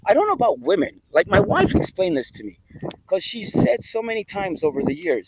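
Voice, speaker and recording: A man's voice: high-pitched, very animated, brisk, noisy background. A man vlogging outdoors in a park, swearing constantly and rambling in a preachy, emphatic way. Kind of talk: rambling casual monologue.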